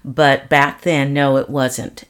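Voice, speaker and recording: Woman, middle-aged, deep voice, interview guest, reflective, candid storytelling. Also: level tone, slow pace, smooth. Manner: earnest, reflective, frequent restarts.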